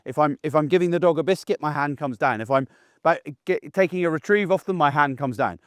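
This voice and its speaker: Man, dog trainer, lively chatty teaching, close dry mic, slightly high voice. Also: quick pace, no echo. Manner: chatty and animated, acts out the dog's and owner's voices. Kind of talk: casual instructional talk. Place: outdoors on grass with a dog.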